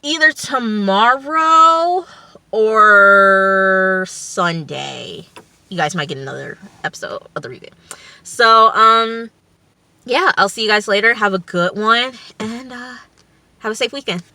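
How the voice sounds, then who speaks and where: A woman's voice: a little high, expressive, moderate pace, sharp tone, no echo. A young woman vlogger casually recapping a TV episode, rambling with lots of fillers. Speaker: TV review vlogger.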